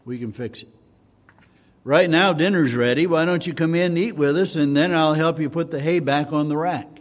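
A man's voice: a little high, normal speed, close to an everyday voice. A preacher voicing a kindly country farmer who coaxes and reassures a boy, recorded in a hall with long reverb. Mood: reassuring. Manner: reassuring, coaxing.

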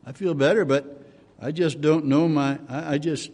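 A man's voice: fairly high pitch, steady tone, normal speed, darkish tone, a little hiss or hum, lightly acted. Casting: nervous stuttering boy, a man putting him on in a sermon, long echo behind. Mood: anxious. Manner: stammering, fearful. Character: frightened young farm boy. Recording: long hall reverb.

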